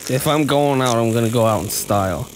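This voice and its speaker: A man's voice: mid-range voice, fairly quick, noisy background. A man co-hosting a casual podcast, cracking goofy jokes and laughing often. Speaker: podcast co-host. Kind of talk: casual live-stream podcast chat.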